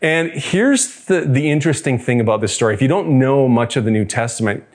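A man preaching a sermon as a pastor, conversational and reflective, drawing listeners in with rhetorical questions. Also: medium pitch.

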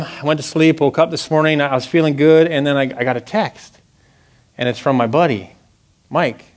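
Earnest man telling a church testimony. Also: fairly high pitch. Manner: earnest storytelling, drops to hushed tones. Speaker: church speaker sharing a testimony. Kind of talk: sermon testimony.

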